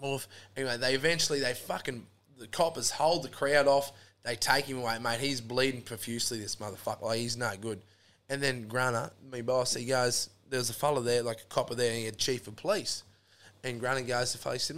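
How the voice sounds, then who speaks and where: A man's voice: medium pitch, fairly even intonation, fast talker, fairly bright tone. An Australian man telling a rambling, sweary story in a casual chat, throwing in lots of "mate". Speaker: podcast guest.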